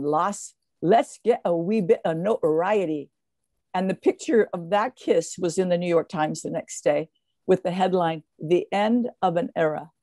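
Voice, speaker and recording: An older woman, a guest in an interview, telling stories in a lively way with many fillers and restarts. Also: medium pitch, no room sound. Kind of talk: casual interview storytelling.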